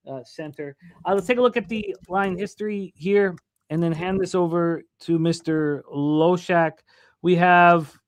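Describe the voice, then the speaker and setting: Quick man reading betting lines. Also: high-pitched, dry recording. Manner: reads odds and numbers quickly, many fillers. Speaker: sports betting show co-host. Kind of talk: casual sports betting talk.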